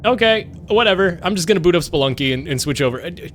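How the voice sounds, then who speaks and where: A man's voice: sits high, animated, fast, a bit bright, slight background noise. A young man streaming games, rambling and joking casually as he talks to his chat. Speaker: game streamer.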